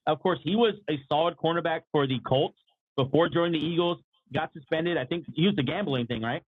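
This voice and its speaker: A man co-hosting a casual sports talk livestream, clearing his throat often and slightly losing his voice, over a tinny remote line. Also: a little high, a little fast, no echo. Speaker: podcast co-host.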